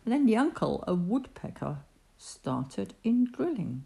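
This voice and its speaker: A woman reading a rhyming bedtime story aloud in an animated storyteller's voice. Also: medium pitch, measured pace, gravelly.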